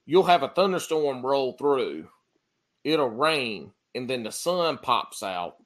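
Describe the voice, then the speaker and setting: A man hosting a casual chat, telling stories in an animated, joking way and swearing freely. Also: medium pitch, slow. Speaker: podcast host.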